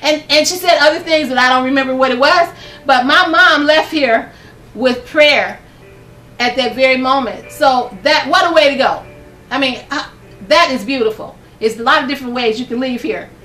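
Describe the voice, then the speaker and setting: Bright-voiced older woman preaching fervently. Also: high voice, moderate pace, roomy sound, recorded from a distance, soft background music. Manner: fervent, preachy, laughs often. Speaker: host of a gospel program. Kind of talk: devotional talk to camera. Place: her home.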